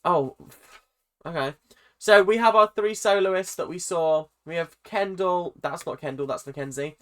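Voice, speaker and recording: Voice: medium pitch, unhurried, fairly bright tone. A British reaction channel host chatting casually and jokingly straight to viewers. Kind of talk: casual reaction vlog chat.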